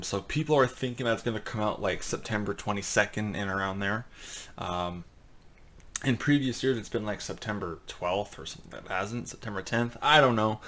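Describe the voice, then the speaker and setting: Guy with a lowish voice griping about a hockey game, lots of um and like, cussing a bunch. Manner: frustrated, profane ranting with fillers. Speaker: gaming channel host. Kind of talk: casual commentary.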